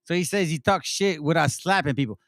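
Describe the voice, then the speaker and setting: A high-voiced man rants in angry, mocking commentary, swearing constantly and breaking into scornful laughter. His voice is close and dry, with almost no room sound. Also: brisk, fairly bright tone, dry recording. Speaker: commentary channel host. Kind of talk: profane commentary rant over played clips.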